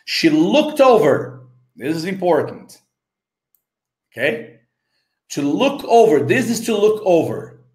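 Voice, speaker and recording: Brazilian man as English teacher, slightly high voice with a lively, rising and falling pitch. He speaks slowly, checks in often, and sounds echoey in the room. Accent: Brazilian Portuguese. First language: Portuguese. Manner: slow, repeats phrases, checks in with "okay?" and "right?". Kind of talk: explaining a story lesson.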